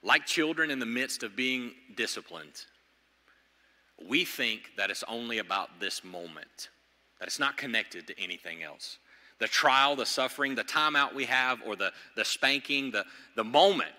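A man preaching a sermon as pastor, animated, swinging from loud and high to low and quiet. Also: moderate pace. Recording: long hall reverb.

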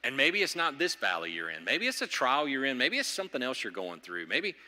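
A male pastor delivers an animated sermon in a sharp, bright voice. He swings from loud, high bursts down to low, quiet stretches. The room gives a long, ringing reverb. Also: brisk.

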